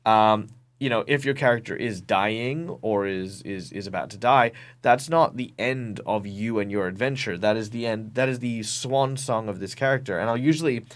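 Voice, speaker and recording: Over a video call, an Australian-accented man from Perth, Western Australia, a professional game master, guests on a casual interview. His voice runs on the low side as he animatedly tells stories, peppered with ums and restarts.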